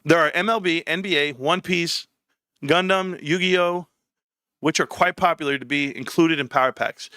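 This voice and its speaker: A middle-aged man hosts a casual livestream, speaking at normal speed in a clean, studio-quality tone with no echo. He's an animated storyteller who acts out quotes with big pitch jumps, laughs often and says "bro" a lot.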